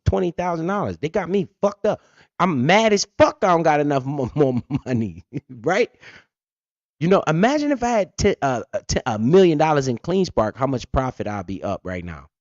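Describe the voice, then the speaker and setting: A man with a voice that sits high hosts a finance livestream, explaining things bluntly and swearing a lot. He poses his own questions and then answers them in casual explanatory talk, over dull, lo-fi, dry stream audio.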